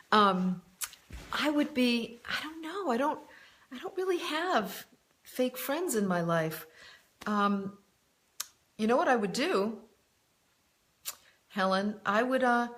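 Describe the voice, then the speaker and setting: A woman life coach talking through viewer questions in a live online stream. She is frank and direct, often names the person she is answering, and fills pauses with "um" and "you know". Her voice sits at an ordinary middle pitch. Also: a bit bright. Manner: candid and direct, addresses viewers by name, frequent "um" and "you know". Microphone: live online broadcast.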